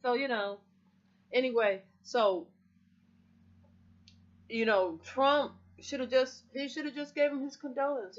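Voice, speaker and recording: Profane rambling woman ranting, lo-fi. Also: fairly high pitch. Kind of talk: casual political rant to camera. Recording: muffled lo-fi recording.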